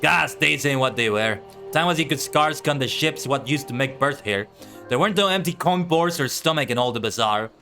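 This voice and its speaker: A man doing a gruff, broken-down old fisherman. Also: medium pitch, animated, a little fast, a bit bright, soft background music, lightly acted. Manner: gruff, rough dialect with dropped grammar. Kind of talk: reading game dialogue aloud in a put-on accent.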